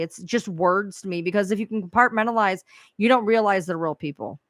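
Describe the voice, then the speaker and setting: A woman's voice: mid-range voice, a bit bright, dry recording, clean studio sound. A woman who covers true crime, talking bluntly and with profanity in a casual chat.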